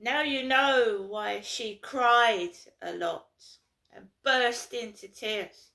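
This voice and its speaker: A woman's voice: on the high side, slow, gravelly, bright, forceful tone. A woman from London, ranting in an aggrieved, repetitive vlog monologue. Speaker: vlogger. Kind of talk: casual to-camera monologue.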